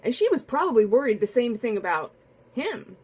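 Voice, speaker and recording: A woman telling a casual spoken anecdote in a chatty, animated way, full of asides and restarts. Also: fairly high pitch, fairly quick, slightly rough. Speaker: storyteller.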